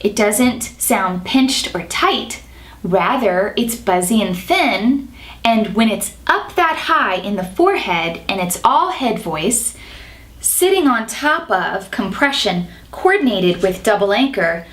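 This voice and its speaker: A woman's voice: on the high side, expressive, slow. A woman singing teacher explaining a nasal vocal exercise and demonstrating it in between her explanations.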